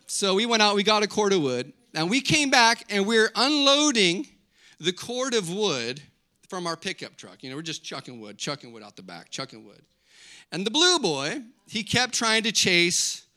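Male pastor, high and bright, lively joking sermon delivery. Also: moderate pace. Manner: animated, joking storytelling preacher.

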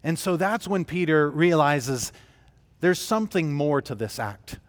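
Male pastor, sermon, emphatic, unhurried delivery, long hall reverb. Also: fairly high pitch, expressive. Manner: earnest, emphatic storytelling.

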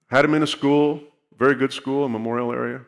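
A man's voice: mid-range voice, creaky, long reverb tail. A man giving a personal testimony in an earnest storytelling way, often checking in with the listeners. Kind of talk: sermon testimony.

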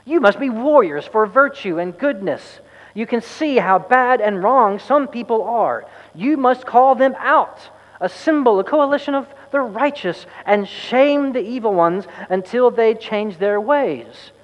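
A man voicing a pompous, exasperated old male sage who lectures slowly, loudly and tartly, in a reverberant church hall. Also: extremely high pitch, expressive, muffled recording, pitched above the performer's own voice. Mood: lecturing. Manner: tart, loud and slow, lecturing.

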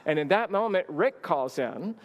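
A man's voice: sits high, moderate pace, highs cut off. A man telling a personal story in a sermon, speaking casually with lots of "like" fillers. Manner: lively storyteller, many "like" fillers. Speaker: church minister teaching a marriage session. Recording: long hall reverb.

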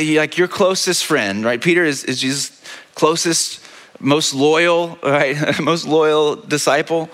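Male pastor, conversational sermon style, bright tone, long reverb of a church hall. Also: a little high. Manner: conversational storytelling, frequent rhetorical "right?".

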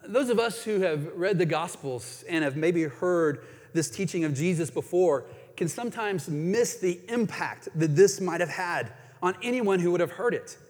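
A man with a high, light voice delivers a sermon, earnest and searching. He leans hard on key lines, then drops almost to a hush. His words hang in a long, ringing reverb, as in a big hall. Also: expressive, moderate pace. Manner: earnest, swings from emphatic to hushed. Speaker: preacher.

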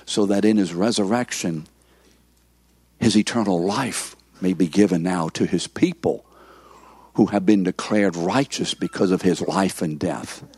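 A man's voice: low voice, unhurried, a little mellow, breathy edge, dry recording. A man in his seventies, a pastor giving an interactive sermon who keeps asking the congregation questions.

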